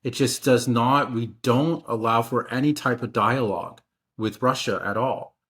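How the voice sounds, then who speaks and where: A man's voice: medium pitch, fairly even intonation, moderate pace, a bit bright. A man from the United States with a mid-range voice hosts a casual political talk. He speaks earnestly and often restarts his phrases as he works out a point.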